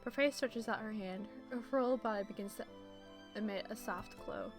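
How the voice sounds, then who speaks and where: A woman streamer reads a visual novel aloud in first person with steady storytelling narration. Her voice sits in a mid range. Faint game music plays behind her. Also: medium pitch, moderate pace. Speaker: let's play streamer.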